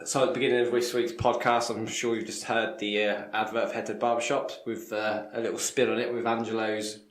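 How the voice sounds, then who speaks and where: A man co-hosting a podcast, giving loose shout-outs in casual chat with lots of fillers. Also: on the low side, flat delivery, brisk, a little hiss or hum. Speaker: podcast co-host. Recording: echoey room.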